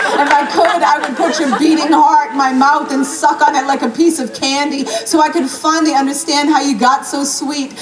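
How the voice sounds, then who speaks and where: A woman performing her spoken word poetry live at a university event, moving from chatty banter into a rhythmic, wry delivery. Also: sits high. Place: university event hall with an audience. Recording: echoey, distant audience recording with noise.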